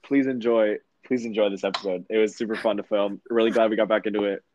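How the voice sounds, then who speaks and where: A man's voice: fairly low pitch, fairly even intonation, quick pace, darkish tone, muffled recording, slight background noise. Young man dropping dry teasing quips. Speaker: podcast co-host. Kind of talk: casual chat.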